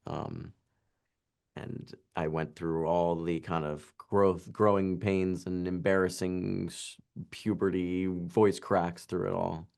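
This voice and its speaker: A man's voice: low-pitched, level tone, vocal fry, darkish tone. A man in his twenties, an actor giving an interview, chatting casually with lots of fillers and restarts. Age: 20s. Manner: chatty, halting, full of "like" and restarts.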